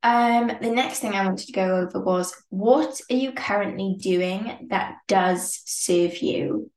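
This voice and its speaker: A woman's voice: medium pitch, slow pace, darkish tone, reverberant, poor audio. A woman hosting a group self-improvement session, chatting casually and asking many rhetorical questions. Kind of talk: casual motivational talk.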